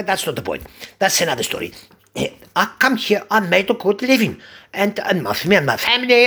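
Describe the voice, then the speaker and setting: A man's voice: high voice, pushed and bright, slightly rough. An older man from Cyprus, a barber, chatting in a rambling monologue and chuckling often. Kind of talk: casual monologue.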